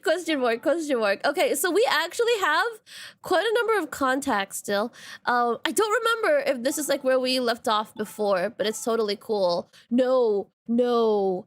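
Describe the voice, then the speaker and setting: A young woman streaming a game, chatting casually and quickly, bubbly and repeating her phrases as she talks to her viewers. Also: high-pitched, animated.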